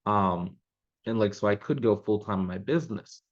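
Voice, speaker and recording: A man's voice: fairly low pitch, moderate pace, dull audio. A man coaching business owners in a loose, conversational way, with many fillers and restarts. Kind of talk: casual advice talk to camera.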